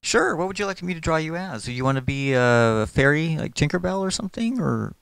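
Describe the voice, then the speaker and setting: A middle-aged man who animates and storyboards talks through his work in a casual interview. His voice is a little high, expressive, and brisk, fairly bright with vocal fry and a clear, resonant tone, recorded without room sound. He's friendly and rambling, full of fillers.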